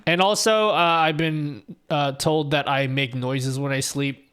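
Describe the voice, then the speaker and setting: A man's voice: on the high side, steady tone, unhurried, a bit bright, smooth. A young man live streaming, chatting casually with his viewers and reading their messages aloud, in a loose, rambling, profane way. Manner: laid-back and profane, rambling with restarts and laughs.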